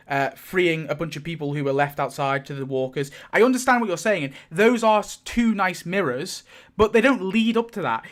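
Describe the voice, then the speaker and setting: Guy ranting about a tv show, high voice, swears a lot, gets worked up. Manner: heated, swearing, laughing, animated. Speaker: show host. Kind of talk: ranting TV commentary.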